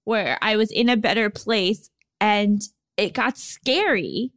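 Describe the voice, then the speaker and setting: A woman's voice: medium pitch, lively intonation, slow pace, a bit bright, no echo, clean studio sound. A woman co-hosting a podcast in casual chat, talking freely with frequent "like" fillers and easy laughter. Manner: chatty, laughs often, many "like" fillers. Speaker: podcast co-host.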